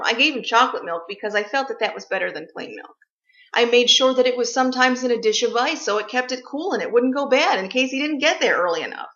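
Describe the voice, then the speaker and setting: A woman with a bright, fairly high voice rants bluntly and sarcastically, swearing freely as she vents. The recording sounds echoey and a little dull, as if made in a bare room at home. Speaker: vlogger ranting about gifts. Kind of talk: comic rant.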